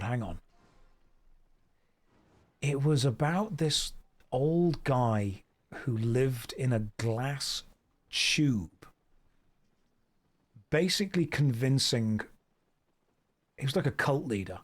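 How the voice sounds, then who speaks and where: A young man streaming, rambling casually and slipping into playful baby talk with his dogs. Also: mid-range voice. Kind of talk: casual live-stream chat.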